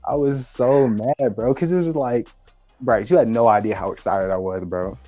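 A man's voice: medium pitch, normal speed, dark tone, soft background music. A young man telling a story in casual, slangy chat, laughing often and acting out both sides of the talk. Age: young adult. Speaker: podcast co-host.

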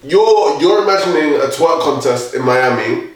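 A man's voice: on the high side, normal speed, distant mic. Rambling young man in an echoey room. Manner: rambling, animated, laughs often, restarts. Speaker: podcast co-host. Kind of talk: casual storytelling chat. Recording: echoey room, voice a bit off-mic.

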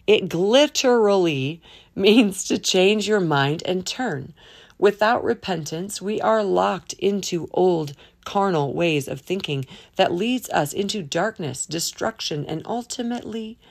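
Gravelly-voiced woman hosting a faith podcast. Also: lowish voice, a little mellow, dry recording. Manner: chatty, jumps between topics, colloquial. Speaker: podcast host. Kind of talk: casual faith podcast monologue.

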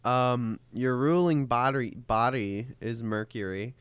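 A woman reading a horoscope aloud in casual chat, in a laid-back, halting way with fillers. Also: a bass voice, clean tone, no echo.

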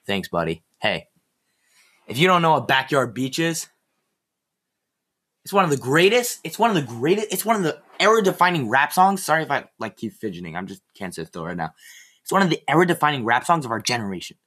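A man's voice: medium pitch, very animated, brisk, a bit bright. A teenage boy hosting a casual solo podcast, ranting in a rambling, sarcastic, easily exasperated way. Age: teen. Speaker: podcast host.

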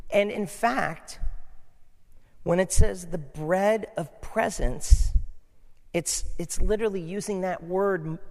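A man's voice: sits high, a little mellow. A man preaching a conversational sermon as pastor, asking his congregation questions. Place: church sanctuary. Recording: long hall reverb.

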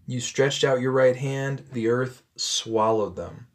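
A man reading a Bible passage aloud and stopping to explain it in a relaxed, conversational way, with frequent ums and self-corrections. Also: medium pitch, takes it slowly. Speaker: Bible teacher. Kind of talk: scripture reading with commentary.

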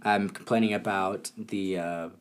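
A young man casually telling a story, animated and often laughing. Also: low-pitched, a little slow, smooth.

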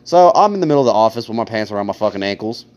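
A man's voice: on the low side, lively intonation, racing, a little mellow. A young man from Ohio hosting a podcast, telling stories in a crude, heavily profane, sarcastic way. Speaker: podcast host. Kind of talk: casual storytelling monologue. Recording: dull lo-fi recording.

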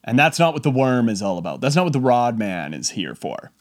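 A man hosting a podcast, telling a comic story in a casual, animated way and acting out the quotes. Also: mid-range voice, a little fast. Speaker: podcast host.

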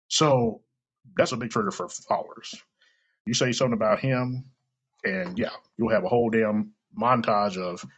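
A man's voice: medium pitch, creaky, fairly bright tone, slightly rough. A man hosting a solo podcast, rambling and swearing freely with self-mocking asides. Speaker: podcast host. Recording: dull lo-fi recording.

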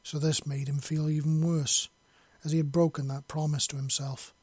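A man narrating a fantasy story in a steady, measured read. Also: on the high side, husky, dry recording.

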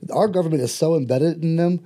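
A man's voice: a little high, quick pace, dark tone. A man in casual podcast chat, blunt, profane and heated.

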